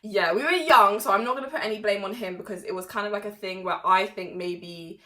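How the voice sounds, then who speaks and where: A young woman telling a personal story to camera in a chatty, animated way, with laughs and sudden loud bursts. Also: medium pitch, a little fast. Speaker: vlogger.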